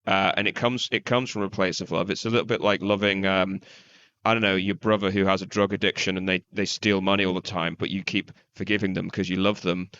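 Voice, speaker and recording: Low-voiced man on dull lo-fi audio. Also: flat delivery, a little fast, fairly bright tone. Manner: hesitant, loose, many restarts and fillers. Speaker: podcast co-host. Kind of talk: casual podcast chat.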